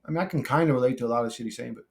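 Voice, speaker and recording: A man's voice: medium pitch, rapid-fire, creaky. Blunt, cursing man talking off the cuff. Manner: blunt, swears freely, rambling with restarts. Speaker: YouTuber reading comment replies. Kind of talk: casual monologue.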